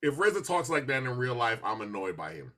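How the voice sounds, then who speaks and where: A man hosting a podcast in casual chat, telling stories with lots of laughter and animated asides. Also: mid-range voice, a little fast. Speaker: podcast host.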